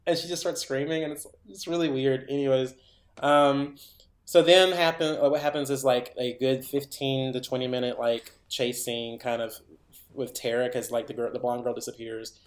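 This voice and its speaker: A man's voice: medium pitch, fairly even intonation, moderate pace, roomy sound. Rambling man recapping a horror movie. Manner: rambling, filler-heavy, acts out characters' lines. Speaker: podcast co-host.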